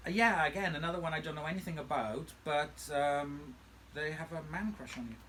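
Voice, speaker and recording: A man's voice: fairly high pitch, fairly quick, a bit bright, slight background noise. A man hosting a vacuum restoration channel, chatting casually from home in a playful, teasing way. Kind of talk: casual chat. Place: home room.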